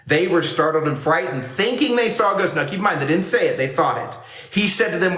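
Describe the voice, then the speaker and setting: A man preaching in a relaxed, conversational style, slipping into the quoted lines as he reads. His voice sits a little high for a man. The room around him rings with a roomy echo, as he speaks to a camera for an online service. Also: fairly quick. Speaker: pastor. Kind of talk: sermon.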